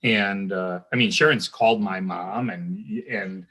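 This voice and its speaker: A man's voice: fairly low pitch, fairly even intonation, unhurried, sharp tone. Guest: man in his fifties, chatty reminiscing storyteller, loose and rambling. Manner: rambling storyteller, many ums and restarts. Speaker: alumni guest. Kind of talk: casual reminiscing.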